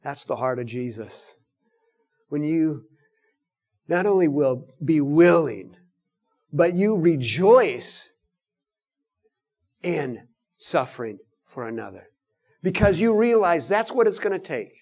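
Animated man preaching a sermon. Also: fairly high pitch, takes it slowly, long pauses. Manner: animated preaching, swinging from loud to hushed.

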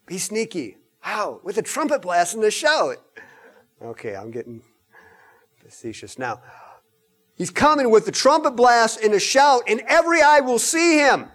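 High-voiced man preaching emphatically. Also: normal speed. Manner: animated and emphatic, with joking asides. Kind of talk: sermon.

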